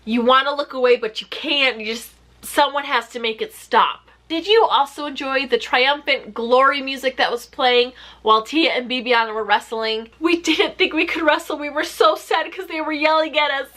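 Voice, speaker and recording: A woman vlogger giving a chatty, sarcastic recap of a TV show with rapid-fire questions. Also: high voice, fairly bright tone. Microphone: camera mic.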